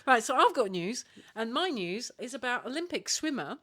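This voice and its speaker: A woman co-hosting a podcast in a higher register. She teases her co-host and giggles often, keeping the chat loose and playful. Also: very animated, normal speed, a bit bright. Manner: teasing, giggly. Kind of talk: casual chat.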